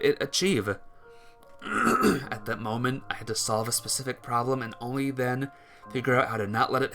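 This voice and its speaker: This man voices a visual novel's text during a let's play, keeping his mid-range delivery energetic though he occasionally trips over words and restarts.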